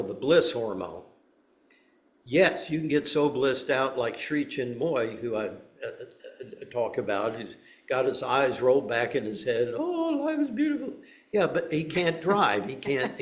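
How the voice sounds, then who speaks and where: A man's voice: medium pitch, roomy sound. A man teaching a meditation group, speaking in a loose, conversational way with frequent restarts. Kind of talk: dharma talk.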